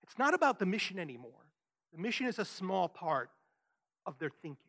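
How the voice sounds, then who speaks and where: Male pastor, animated sermon delivery, lively pitch swings. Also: brisk. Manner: emphatic, rhetorical questions, frequent "right?".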